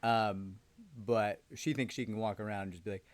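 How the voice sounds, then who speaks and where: A man's voice: on the low side, fairly even intonation, moderate pace, no echo. A man who hosts a legal channel, telling a story casually with rambling, sarcastic asides and frequent ums. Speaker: lawyer host.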